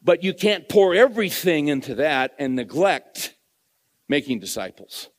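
A man's voice: medium pitch, lively intonation, measured pace, big-room sound. A middle-aged man preaching a sermon in an earnest, conversational way, repeating phrases for emphasis.

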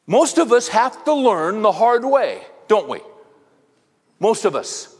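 A man's voice: high-pitched, sing-song, slow, slightly rough. A middle-aged man speaking to a men's audience, telling rambling anecdotes in a conversational sermon and throwing rhetorical questions at the crowd. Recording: reverberant hall.

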